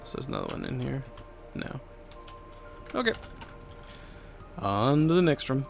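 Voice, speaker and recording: A man's voice: mid-range voice, big pitch swings, measured pace, gravelly, faint music behind. A man streaming a game live, chatting casually and thinking aloud as he plays.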